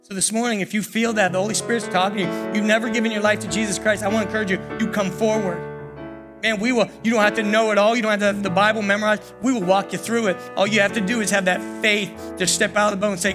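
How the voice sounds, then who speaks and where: Older preacher over soft worship piano. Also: male voice, high voice, steady tone. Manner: preaching with many pauses, repeating "church". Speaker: pastor. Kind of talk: sermon. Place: church sanctuary. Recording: worship music under the voice. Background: soft piano and keyboard.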